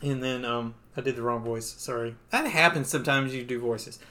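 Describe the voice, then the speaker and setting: A man's voice: mid-range voice, a little fast, sharp tone. A man co-hosting a podcast, casually retelling a comic book story. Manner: casual, filler-heavy, playful. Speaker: podcast co-host.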